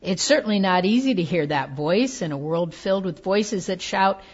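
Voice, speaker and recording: A woman preaching a sermon, reading slowly with soft, tender emphasis. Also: lowish voice, expressive, husky. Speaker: pastor. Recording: dull lo-fi sound.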